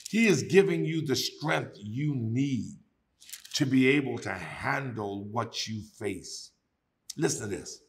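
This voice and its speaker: A man preaching a Bible study, swinging from loud exclaims to hushed tones and calling out to his listeners. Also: medium pitch. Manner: calls out to listeners, drawing out key words. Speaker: bishop and Bible study teacher.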